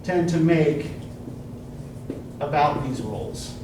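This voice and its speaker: A man teaching a college English class in a measured way, often checking in with "right?". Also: a little high. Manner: measured, prompting with repeated "right?". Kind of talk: classroom lecture. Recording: echoey classroom, mic at a distance, noisy.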